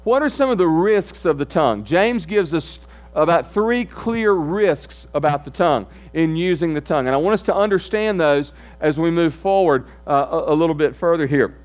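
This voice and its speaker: A man's voice: fairly high pitch, expressive, normal speed, few pauses. A man as pastor giving a conversational sermon, often asking the congregation questions. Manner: conversational, asks the audience questions.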